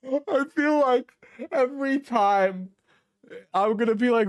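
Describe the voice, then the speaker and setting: A streamer giving casual, profane reaction commentary on an award show clip, incredulous and quick to laugh. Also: mid-range voice, clear, resonant tone.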